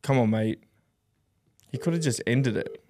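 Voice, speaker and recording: A man's voice: mid-range voice, a little slow, darkish tone. A young man, co-hosting a podcast in casual chat and telling rambling stories with plenty of laughter. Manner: rambling storyteller, laughs often. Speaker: podcast co-host.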